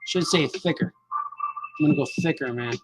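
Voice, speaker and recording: A man's voice: a little high, brisk. A cartoonist chatting casually on a live stream as he draws, muttering and joking with his viewers. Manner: mutters along while drawing, joking with chat. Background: music.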